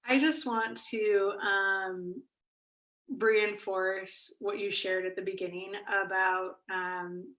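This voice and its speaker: Bright-voiced woman, echoey video call. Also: medium pitch, steady tone, slow pace. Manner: hesitant, many restarts and fillers. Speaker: meditation coach. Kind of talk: casual conversation.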